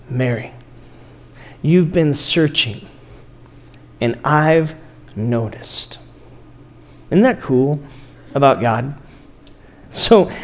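A man with a somewhat high voice delivers a sermon as a relaxed storyteller. He keeps it conversational, asks his listeners questions and slows down to let key lines land. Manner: storytelling, conversational, with rhetorical questions and slow pauses for emphasis. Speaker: pastor.

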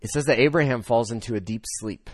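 A man in his thirties preaching a sermon, telling a personal story that swings between loud excitement and hushed emotion. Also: mid-range voice, a little fast, dry recording. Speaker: pastor.

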